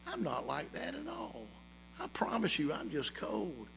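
A man's voice: a little high, huge pitch swings, measured pace, gravelly, a bit bright, slight background noise, heavily acted. A man voicing a lying snake in a sermon story, persuasive and insistent. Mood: coaxing. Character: sly coaxing male snake, a smooth liar.

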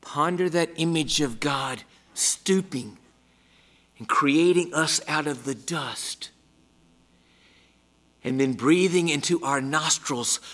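A man preaching a sermon, emphatic and dramatic, moving from loud exclamations down to hushed near-whispers. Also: fairly high pitch, slow pace, long pauses.

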